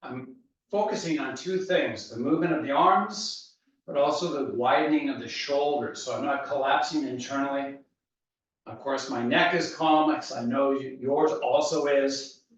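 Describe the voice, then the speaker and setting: Man, fitness instructor, out of breath, calm coaching cues, distant mic, echoey dull recording. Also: mid-range voice, moderate pace. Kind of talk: guided workout instruction. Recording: echoey room, voice from far off, dull sound.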